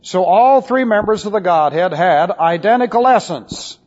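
Wry, emphatic preacher in an echoing hall. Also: male voice, sits high, animated, moderate pace, a little mellow. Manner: emphatic and wry, with scornful asides. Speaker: pastor. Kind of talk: expository Bible teaching. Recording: muffled old recording in a reverberant hall.

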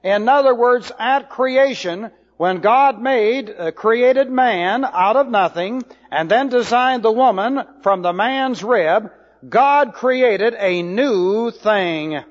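A man teaching a sermon, slow and deliberate, spelling out Hebrew words letter by letter. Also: high voice, expressive. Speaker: Bible teacher. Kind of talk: expository sermon. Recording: dull lo-fi hall recording.

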